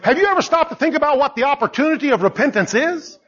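Male preacher, high and lively voice, punchy repetitions, dull lo-fi recording. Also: fast talker. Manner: emphatic, repeats phrases, swings between soft asides and loud exclamations. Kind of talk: sermon.

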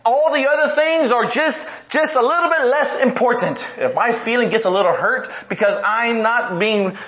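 A middle-aged pastor delivers a funny, animated sermon, repeating himself and dropping his voice low and slow for emphasis.

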